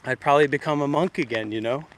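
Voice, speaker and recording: A man's voice: mid-range voice, quick pace, slight background noise. A man hosting a meditation livestream, talking bluntly and rambling in a confrontational way as he answers his critics. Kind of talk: casual livestream rant.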